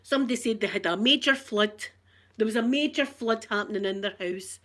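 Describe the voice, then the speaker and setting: A Glaswegian woman in middle age, recording herself at home on a phone, recounting a run-in with animated, indignant energy. Her voice sits a touch high and she laughs often through the telling. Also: fairly quick. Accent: Scottish, Glasgow. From Scotland. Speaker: vlogger. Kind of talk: casual storytelling to camera. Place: at home, in a living room.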